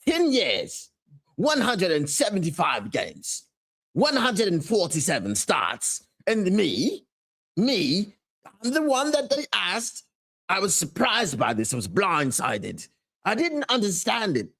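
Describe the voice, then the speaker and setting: This is a whiny veteran football player , put on by a man, speaking in a mock British accent. He sounds wounded and self-pitying, repeating his complaints with a lively, swooping voice that sits a little high. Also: slow, vocal fry, full character voice. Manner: melodramatic, wounded, repetitive.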